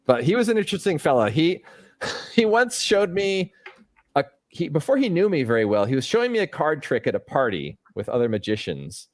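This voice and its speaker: A man's voice: on the high side, big pitch swings, a little fast, no echo, clean studio sound. A middle-aged man hosting a casual live stream, thinking aloud as he works, rambling with fillers. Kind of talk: casual livestream chat while working.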